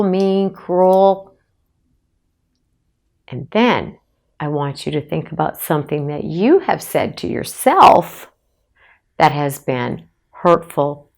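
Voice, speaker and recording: A woman's voice: on the low side, a little mellow. A middle-aged woman psychologist giving a direct-to-camera advice talk, encouraging and emphatic, speaking straight to the listener.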